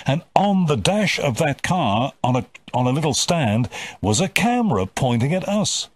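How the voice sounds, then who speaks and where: A man from the UK hosting an interview, often halting and repeating words as he starts sentences. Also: fairly high pitch, big pitch swings, no room sound. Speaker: host. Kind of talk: interview chat.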